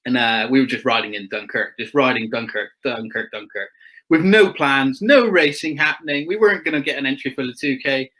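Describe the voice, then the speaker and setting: A young motocross rider chats casually as a guest, telling stories, laughing often, and acting out quotes. His medium-pitched voice is fairly quick, pushed and bright, in a rough recording.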